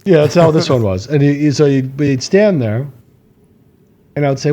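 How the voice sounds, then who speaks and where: Guy rambling thru a story on a podcast, laughs a lot, dark mellow voice. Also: a little high, normal speed, long pauses. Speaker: podcast co-host. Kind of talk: casual chat.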